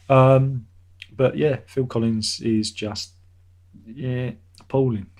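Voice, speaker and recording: A man's voice: mid-range voice, a little slow, darkish tone. A middle-aged man hosting a casual live stream, reading out chat messages and rambling sarcastically, often laughing at his own jokes.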